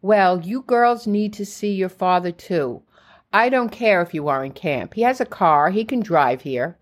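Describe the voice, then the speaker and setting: A woman voices a fussing, anxious mother in a memoir reading, gentle but insistent. The lines stay close to her own reading voice. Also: mid-range voice, expressive, unhurried.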